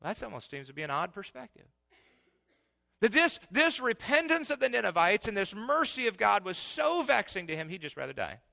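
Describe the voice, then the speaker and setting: A man preaching a sermon in an animated way, swinging between loud passages and hushed ones. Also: sits high, fairly quick, creaky.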